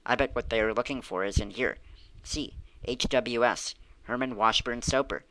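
A man's voice: mid-range voice, bright, forceful tone, lightly acted, low-quality recording. Man voicing an eager young boy. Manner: eager, quick bursts. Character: excited curious young boy.

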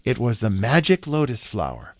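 A man voicing a kind, gentle young princess in a storybook reading, speaking in a soft, pleading way. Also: medium pitch, huge pitch swings, moderate pace, dry recording, studio quality.

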